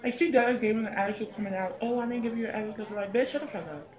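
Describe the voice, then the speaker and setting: A woman's voice: on the high side, racing, highs cut off, some chatter behind, natural voice. A young woman voicing a boastful teenage schoolgirl who talks in slang and swears freely. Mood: scornful. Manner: slangy, profane, bragging. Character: boastful teen schoolgirl with a crush.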